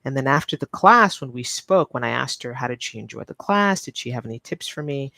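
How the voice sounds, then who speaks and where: A woman's voice: rumbling low, animated, normal speed, vocal fry, fairly bright tone, no room sound. A woman English teacher from New York with a neutral accent, speaking patiently in a live-stream lesson and repeating key points. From New York, United States.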